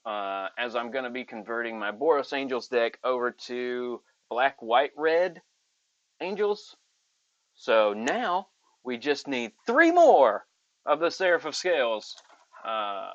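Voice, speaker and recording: A man hosting a casual card-opening video, chatting and reading card text aloud with excited asides. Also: mid-range voice, dry recording. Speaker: channel host. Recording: dull lo-fi audio.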